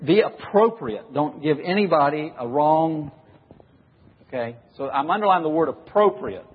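A man's voice: on the high side, animated, moderate pace, breathy edge. A man preaching a sermon to a congregation, questioning the listeners and acting out examples. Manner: questions the audience and acts out examples. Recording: dull recording with long hall reverb.

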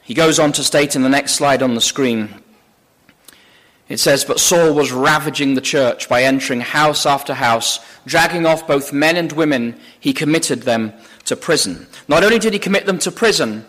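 A man's voice: on the high side, normal speed, fairly bright tone. A man preaching a sermon, reading scripture aloud with emphasis from slides on a screen. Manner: emphatic, rising on quoted scripture. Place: church or lecture hall with slides.

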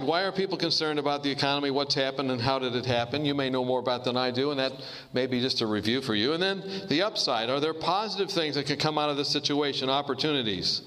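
A man's voice: mid-range voice, a bit bright. A man giving a sermon-style talk, telling stories with humor and asides to the audience. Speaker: preacher. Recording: long hall reverb.

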